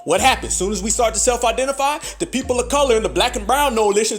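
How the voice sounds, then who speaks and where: A man from the United States with a notably high voice delivers a fiery, profane monologue, preaching at his listeners with one rhetorical question after another. Soft music plays faintly under his talk. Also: expressive, quick pace. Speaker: podcast host. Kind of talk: heated political commentary.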